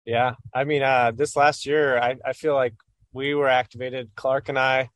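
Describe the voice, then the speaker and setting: A man's voice: medium pitch, little pitch movement, moderate pace, no room sound. A male guest on a talk radio show, casually sharing a personal story.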